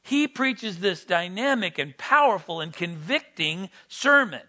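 A man preaching a sermon, rising to loud, emphatic peaks and then dropping back to quiet teaching. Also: high voice, lively intonation, unhurried.

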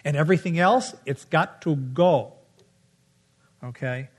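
A man's voice: fairly high pitch, a little slow, husky. A middle-aged man preaching a sermon with a playful storytelling manner, humming tunes along the way. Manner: storytelling, playful, hums melodies.

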